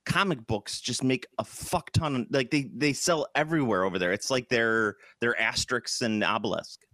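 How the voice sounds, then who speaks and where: A man's voice: medium pitch, moderate pace, pushed and bright, no echo, clean studio sound. A man co-hosting a casual tabletop gaming podcast, joking around and laughing often. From Polish family background. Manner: jokey, puts on silly accents, laughs often. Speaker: podcast co-host. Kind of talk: casual chat about tabletop games.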